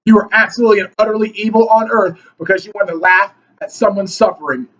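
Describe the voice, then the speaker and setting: A man ranting angrily into the camera, preachy and mocking, his voice husky. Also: sits high, fairly even intonation, fast, fairly bright tone, highs cut off. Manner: angry, preachy, mocking opponents in whiny voices. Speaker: political commentator.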